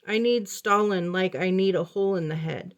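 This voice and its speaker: A woman voicing a manic, crude young man on the phone who talks loudly, drawls and rambles from joke to joke. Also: lowish voice, muffled recording, noisy background, lightly acted. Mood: rambling. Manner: loud, rambling, jokey, drawn-out delivery.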